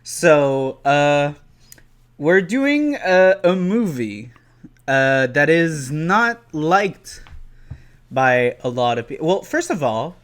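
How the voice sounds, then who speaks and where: A young man with a Quebec French accent hosts a casual podcast, talking into a podcast mic. He rambles and hesitates, leaning on fillers, at a slow, easy pace. His voice sits a bit high for a man. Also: big pitch swings, a bit bright, clean tone. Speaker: podcast host.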